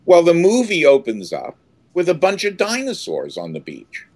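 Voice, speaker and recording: An older man telling a story as an interview guest, full of halting restarts and loud acted outbursts. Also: a little high, huge pitch swings, dry recording.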